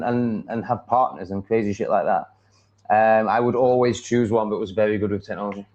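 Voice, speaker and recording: A man's voice: on the low side, brisk, a little mellow. A man with an English accent, chatting off the cuff on a live stream, swearing freely, restarting his sentences and laughing at comments. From England. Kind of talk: rambling live-stream chat, reacting to comments.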